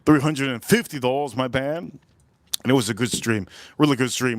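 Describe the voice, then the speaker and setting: A man hosting a casual outdoor barbecue livestream, repeating himself and giving loud, excited shout-outs to his viewers. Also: mid-range voice, moderate pace. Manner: repetitive, hyped shout-outs to chat. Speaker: livestream host. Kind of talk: casual live-stream chat.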